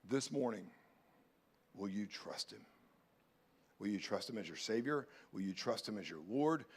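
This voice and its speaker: A man preaching from the pulpit in a middle-pitched voice. He drops to near-whispered, tender appeals, then climbs into loud, fervent calls before easing back down. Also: expressive, normal speed. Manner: swings from hushed pleading to loud urgent calls. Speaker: pastor. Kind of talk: sermon.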